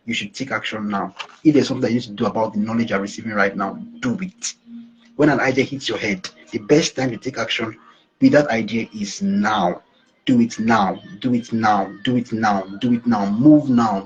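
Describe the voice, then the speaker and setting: A man's voice: medium pitch, husky, muffled recording. A male business coach giving a motivational talk over a call, emphatic, repeating phrases and checking in with "all right". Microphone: video call.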